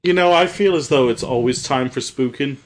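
A man co-hosting a comedy podcast, playful and giggly with deadpan contrarian takes. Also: mid-range voice, a little fast. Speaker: podcast co-host.

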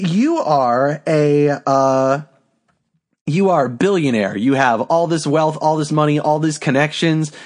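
A man hosting a casual comedy podcast, posing silly would-you-rather questions in a playful way. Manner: playful, jumps high in pitch for jokes. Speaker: host asking the questions.

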